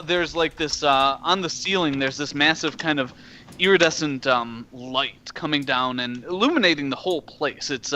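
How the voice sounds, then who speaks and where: A man with a bright, forceful voice runs a tabletop game as game master. He narrates the scene in a loose, halting way, with plenty of ums and restarts. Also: medium pitch. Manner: hesitant, many fillers.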